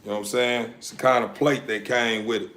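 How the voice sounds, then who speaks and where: This man's voice sits in the mid range, fairly bright, with fairly even intonation and a slightly fast pace. He's a dog breeder casually live streaming while handling his dogs indoors, drawling, repeating himself, and occasionally hollering at them sharply. The recording has room echo and faint noise.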